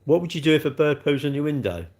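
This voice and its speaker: A man's voice: on the high side, lively intonation, quick pace, a little mellow. A middle-aged man hosting a casual livestream, chatting and answering viewer comments with swearing and rhetorical questions. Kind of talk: casual chat.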